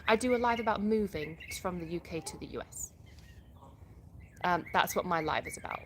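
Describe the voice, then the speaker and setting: A woman's voice: lowish voice, normal speed, a little hiss or hum. A woman with an English accent hosting a casual live stream, reading out viewer comments and answering them in a chatty way, often restarting her sentences. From England. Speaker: livestream host.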